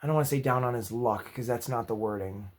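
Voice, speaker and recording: A man hosting his own movie review channel, chatty and upbeat with self-deprecating asides, his voice going hoarse. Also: medium pitch, fast. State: losing his voice. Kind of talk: casual spoken movie review.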